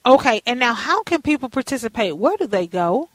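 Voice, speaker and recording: A woman's voice: a little high, sing-song, a little fast, a bit bright, no echo. A woman hosting a casual radio talk show, sassy and chatty, calling her guests honey and girl.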